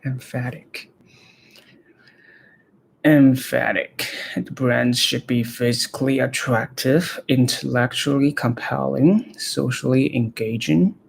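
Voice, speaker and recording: Slow, gravelly man practicing reading aloud. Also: mid-range voice, fairly even intonation, a little hiss or hum, rough recording. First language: Chinese. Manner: halting, repeats words and phrases to practice them. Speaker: language learner reading aloud.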